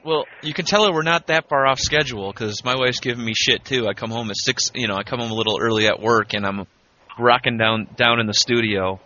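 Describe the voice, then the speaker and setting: A man, his bright, forceful voice cutting through a dull, slightly muffled recording with a faint hiss. He hosts a casual beer-review chat, joking and swearing freely. He sounds laid-back and easy. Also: medium pitch, a little fast. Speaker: podcast host. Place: home studio.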